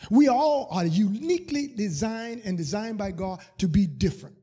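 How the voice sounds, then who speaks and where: Man, pastor, sermon, high voice, husky, repeats words, sing-song fervent emphasis. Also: expressive, normal speed, hardly any pauses, dark tone.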